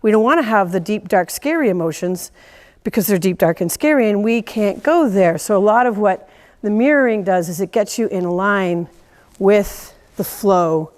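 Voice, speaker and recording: A woman teaching a class of horse owners, animated, laughing often and acting out quoted voices. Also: medium pitch, big-room sound. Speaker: horse trainer giving a lecture. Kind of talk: lively teaching talk.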